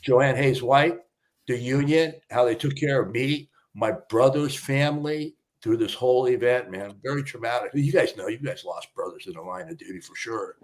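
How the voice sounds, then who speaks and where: An older man tells a story as a podcast guest, slipping into the voices of the people in it. He speaks casually with emotion, and his pitch sits in a middle range. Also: moderate pace. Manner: emotional storyteller, acts out quoted dialogue. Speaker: podcast guest, retired fire battalion chief.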